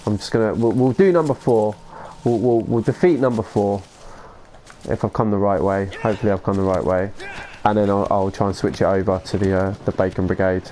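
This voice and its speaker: A man's voice: on the low side, steady tone, a little fast, dark tone, slight background noise. A man chatting casually through a live game stream, laughing along with chat and muttering to himself when he gets lost. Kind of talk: live gameplay commentary.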